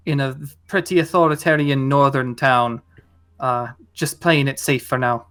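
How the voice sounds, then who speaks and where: A player in a tabletop game, talking in a relaxed, joking way. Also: medium pitch, unhurried, soft background music. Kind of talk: casual tabletop play.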